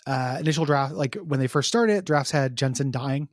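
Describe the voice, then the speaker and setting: A man's voice: medium pitch, normal speed, dry recording, clean studio sound. A man co-hosting a podcast in casual game review chat, rambling with many ums and restarts. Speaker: podcast co-host.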